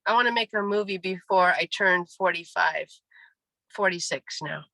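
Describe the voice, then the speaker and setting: A woman in her forties reads her poems aloud with a wry, deadpan delivery. Her voice is bright and forward, recorded dry and close with little room sound. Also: on the low side, normal speed, creaky, dry recording, poor audio. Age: 40s. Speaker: poet. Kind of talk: poetry reading. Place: reading venue.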